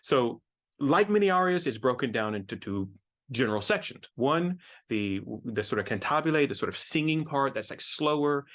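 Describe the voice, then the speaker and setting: A man's voice: mid-range voice, lively intonation, moderate pace, a bit bright. Enthusiastic man explaining an opera aria. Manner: enthusiastic, repeats words while thinking, sings short snippets. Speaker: musicology professor. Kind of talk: explanatory lecture.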